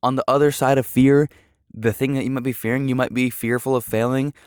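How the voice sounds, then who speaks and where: A man's voice: medium pitch, fairly even intonation, fairly quick, darkish tone, clean tone, no room sound, studio quality. A man vlogging in a casual, rambling, earnest way, full of fillers as he gives a motivational talk.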